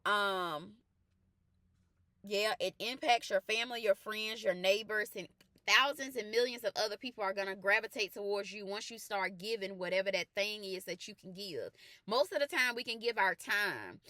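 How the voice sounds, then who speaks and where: Her pitch is fairly high as this woman, a faith life coach, tells her own testimony with animated, everyday language before turning to sincere preaching built on emphatic repetition. The recording is dry and studio quality.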